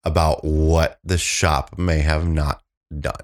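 A man's voice: rumbling low, level tone, slow pace. A middle-aged man co-hosting a podcast, recounting a road trip in a hesitant, sheepish way full of fillers. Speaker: podcast co-host. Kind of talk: casual storytelling chat.

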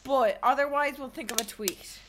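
A high-pitched woman streamer chats and teases her friends, talking to her chat with sudden loud outbursts. There is clear noise behind her voice. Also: moderate pace. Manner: teasing, animated, loud outbursts. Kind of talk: casual group chat on stream. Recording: noisy background.

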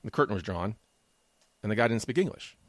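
Brief: middle-aged male podcast co-host, quick lively delivery, dry close sound, teasing. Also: on the low side, no echo. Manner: teasing, mock-offended, fast joking. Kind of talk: casual banter.

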